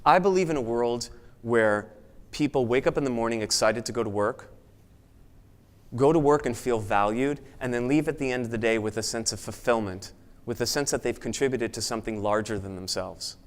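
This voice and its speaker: A man giving a motivational talk at a networking event, speaking with energy and now and then mimicking excited chatter in a raised voice. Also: mid-range voice, fairly quick. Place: event room with an audience.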